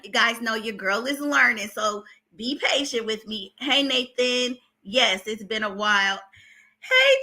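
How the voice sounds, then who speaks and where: Bright-voiced Oakland woman hosting gossip. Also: a little high. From Oakland, California. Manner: chatty, greets viewers by name, laughs between remarks. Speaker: celebrity gossip livestream host. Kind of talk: casual livestream chat.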